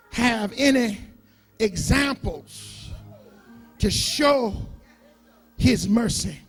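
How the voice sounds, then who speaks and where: A man preaching a sermon as pastor, shouting and chanting in call-and-response with his congregation. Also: high-pitched, creaky. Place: church sanctuary.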